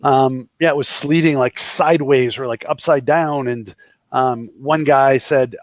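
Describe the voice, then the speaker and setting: A man's voice: mid-range voice, fairly even intonation, normal speed, no echo. Boston guy in his 50s cracking dad jokes, telling stories, dry sound. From Boston area, USA. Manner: joking anecdotes with voiced quotes of others. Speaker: guest, entrepreneur. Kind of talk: casual interview storytelling.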